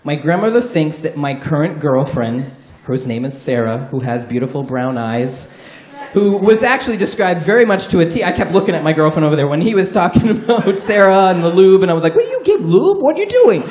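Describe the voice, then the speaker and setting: A man's voice: a little high, expressive, a little fast, a little mellow. A man telling a wry, candid, profanity-laced comedic story live on stage at a storytelling show. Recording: roomy live venue sound.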